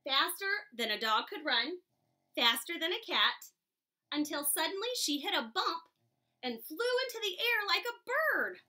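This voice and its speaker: Lady reading a kids bedtime story, high bright voice, lots of ups and downs. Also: unhurried. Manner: expressive, lively voices for each animal. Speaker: storybook reader. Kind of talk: children's story read-aloud.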